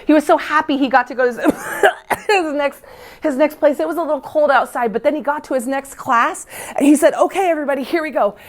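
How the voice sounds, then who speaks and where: A music teacher addressing fellow teachers in a brisk, playful workshop style. Her voice sits on the higher side, and she slips into children's reactions as she tells a story.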